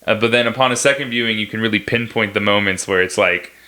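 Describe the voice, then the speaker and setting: A young man co-hosting a casual movie review podcast, wry and joking with quick asides. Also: fairly low pitch, sharp tone. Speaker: podcast co-host.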